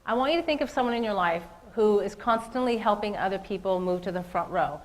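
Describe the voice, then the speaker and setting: A woman's voice: mid-range voice, fast, rough recording. A woman giving a motivational keynote speech, speaking earnestly and directly to her listeners. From lives in Las Vegas.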